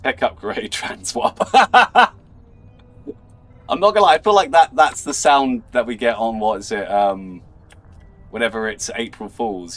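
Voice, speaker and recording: A man's voice: mid-range voice, a little slow, a bit bright. Goofy man streaming a game. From England. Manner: playful and goofy, stammers and repeats words, laughs often. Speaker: livestream host. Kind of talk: casual gaming livestream chat.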